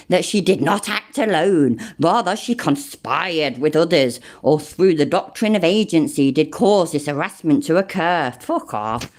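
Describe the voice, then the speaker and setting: A middle-aged British woman reads a legal complaint aloud to her livestream chat and keeps breaking off to swear at it. Her delivery is sarcastic and quick to laugh. Her pitch swings widely from line to line. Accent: English (British). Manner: sweary, sarcastic, laughs often, mocks what she reads. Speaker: livestream host reading a legal document to chat.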